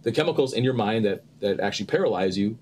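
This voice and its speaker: Animated man telling stories, faint hiss. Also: fairly low pitch, fast. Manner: animated storyteller, acts out quotes with laughter. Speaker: actor and producer guest. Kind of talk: casual interview chat.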